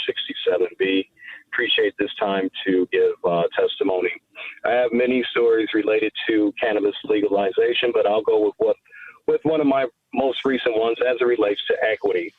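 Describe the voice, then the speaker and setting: A man's voice: lowish voice, no room sound. Earnest man testifying over a phone line. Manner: earnest, emphatic, with restarts. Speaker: public testifier. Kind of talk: formal committee testimony. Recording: tinny phone-like line, dry.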